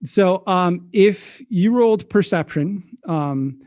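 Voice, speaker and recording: A man narrating as game master for a tabletop game, relaxed and a little hesitant. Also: sits high, slow, no room sound, studio quality.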